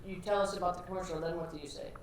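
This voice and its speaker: A woman instructor coaching students through their pitches, direct and encouraging in her feedback. Her voice sits on the low side for a woman. The classroom is echoey, with a light hum of noise behind her. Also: steady tone, very fast.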